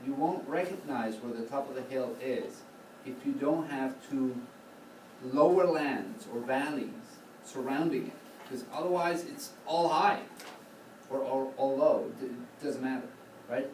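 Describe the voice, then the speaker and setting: A man teaching choral conducting in a classroom, coaching students with a steady run of questions. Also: mid-range voice, a little slow. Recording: roomy, distant, noisy classroom recording.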